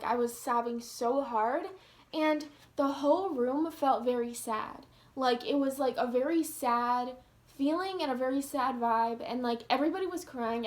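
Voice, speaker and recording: High-voiced earnest young woman vlogger. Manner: earnest, heavy use of "like". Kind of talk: casual storytelling to camera.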